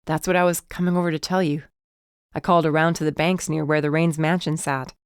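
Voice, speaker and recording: A woman's voice: low-pitched, flat delivery, fairly quick, clean tone, dry recording, clean studio sound. A woman voicing a smug young man who mocks and gloats with a smirk. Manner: smirking, mocking.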